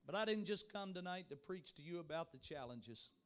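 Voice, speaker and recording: A man preaching a revival sermon as an evangelist, shifting between fervent shouting and soft, low-voiced passages, with repeated calls to the congregation. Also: expressive, brisk. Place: church youth rally before a congregation.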